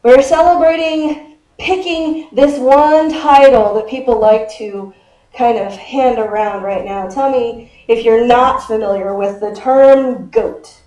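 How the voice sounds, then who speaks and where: Woman, 50s, pastor, chatty conversational sermon, high mellow voice, echoey church sanctuary. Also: steady tone, slow pace. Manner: chatty, quizzes the congregation, laughs often.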